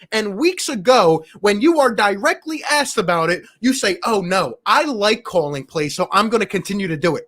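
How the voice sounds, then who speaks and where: A man with a strikingly high-pitched voice hosts a live sports show after the game. He rants with exasperated passion, leans on casual slang like bro and my guy, and sighs over every bad call. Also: a bit bright. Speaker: sports talk show host.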